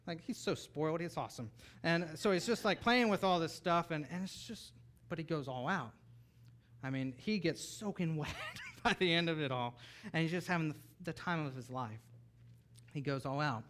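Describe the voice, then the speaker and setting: A man in his thirties preaching a sermon as pastor, animated, swinging from soft asides to near-shouted bursts. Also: fairly high pitch, moderate pace.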